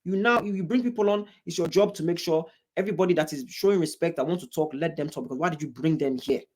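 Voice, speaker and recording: A man's voice: a little high, fast talker. A man hosting a reaction video, commenting in a mocking way and mimicking the people he watches.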